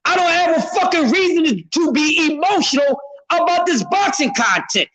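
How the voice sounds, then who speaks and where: A man on a live stream, ranting about boxing in a loud, profane, repetitive way, often shouting and addressing his chat. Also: very high voice, lively intonation, moderate pace, rough recording. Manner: speaks to a chat member by name. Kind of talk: heated live-stream rant.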